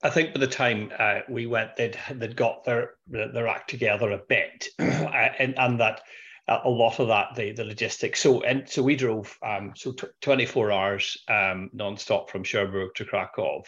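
A man, a financial planner on a podcast, telling an animated anecdote in casual conversation. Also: lowish voice, moderate pace, muffled recording. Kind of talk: conversational storytelling.

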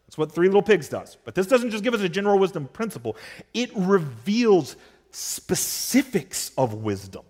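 A man preaching an expository sermon as pastor, emphatic and repetitive, asking rhetorical questions and swinging between loud and hushed. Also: high-pitched, big pitch swings, moderate pace. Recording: long reverb of a large hall.

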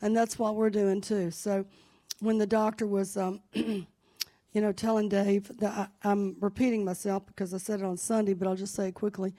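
A woman's voice: medium pitch, little pitch movement, moderate pace, dark tone. A woman leading a church service, talking in a chatty, anecdotal way about her family's news and rising into fervent prayer in a sanctuary. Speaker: church leader. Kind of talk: conversational sermon with testimony.

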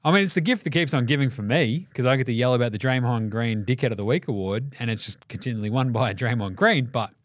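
An Australian man hosting a casual sports podcast, swearing freely and telling animated stories. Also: medium pitch, fast talker, hardly any pauses, no room sound, clean studio sound. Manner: swearing, laughing, animated storytelling. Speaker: podcast host.

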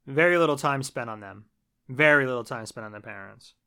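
A man co-hosting a casual podcast walks through a film's plot. His voice is bright and forceful. He swears freely and tells it in an animated way. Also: medium pitch, brisk, smooth. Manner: profane, animated storytelling. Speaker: podcast co-host. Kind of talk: casual conversation recapping a film.

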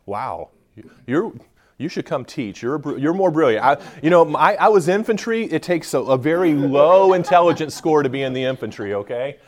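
A man's voice: on the high side, lively intonation, normal speed. Joking man giving a conference talk. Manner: joking and interacting with the audience. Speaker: conference speaker. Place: conference room with a live audience.

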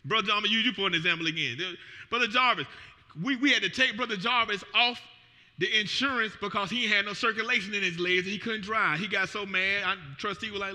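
A pastor preaching a sermon in an animated way, his voice swelling and dropping. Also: high voice, fairly quick. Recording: long reverb of a church hall.

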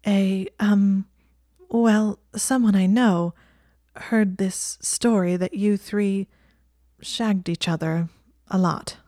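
Flustered young witch, as a woman reader puts her on, hesitant, embarrassed, halting, soft mellow tone. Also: mid-range voice, steady tone, dry recording, clean studio sound, pitched above the performer's own voice, lightly acted.

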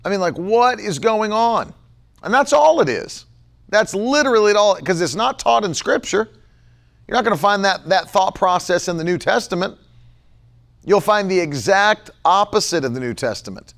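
A man's voice: lively intonation, moderate pace, vocal fry, a bit bright. A man preaching a livestream sermon, emphatic, repeating key phrases for stress. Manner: emphatic, repeats key phrases, mocks others in a low mumbling voice.

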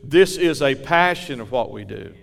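A man's voice: medium pitch, animated, moderate pace, creaky, a bit bright. A man preaching a fervent sermon as pastor, telling folksy stories from his church. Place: church sanctuary. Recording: reverberant church hall.

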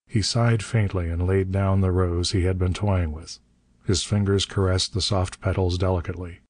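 A man narrating an adventure audiobook in a measured, steady reading. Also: deep voice.

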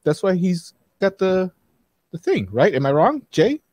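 A man's voice: high voice, sing-song, a little slow, darkish tone, no room sound. Rambling man on a podcast, dry close sound. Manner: rambling, hesitant, frequent fillers and restarts. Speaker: podcast co-host reviewing a film. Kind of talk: casual podcast chat.

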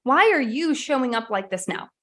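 A woman's voice: sits high, sing-song, moderate pace, a bit bright. A woman hosting a podcast who talks candidly and with energy, sometimes swearing casually, while coaching her listeners at home. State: sweaty and a bit winded. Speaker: podcast host. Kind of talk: motivational podcast monologue. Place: at home, puppy in the room.

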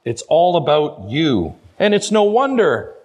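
A middle-aged man preaching a sermon with a slightly raised pitch. He is earnest and urging as a guest pastor, and he drags out the key phrases for weight. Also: huge pitch swings, unhurried, darkish tone. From Canada.

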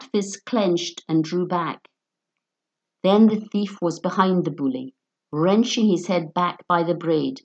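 A woman reading a story aloud in a measured, even narration. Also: fairly low pitch.

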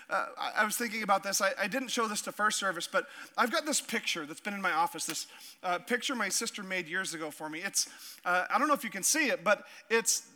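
A man's voice: high-pitched, bright, forceful tone. A middle-aged man from Alaska, a pastor preaching a sermon, telling stories with laughter and acting out voices.

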